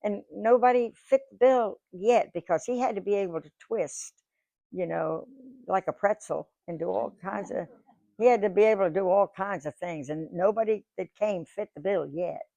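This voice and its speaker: An elderly woman in her nineties, talking to an audience in a folksy, rambling way. Her voice has a gravelly rasp. She keeps circling back and restarting her sentences, and the sound is dry and close. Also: mid-range voice, normal speed, mellow, no room sound, lo-fi sound. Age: 90s. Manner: chatty, folksy, repeats words and restarts often. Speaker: guest speaker, singer. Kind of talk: storytelling to a live audience. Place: museum lecture room.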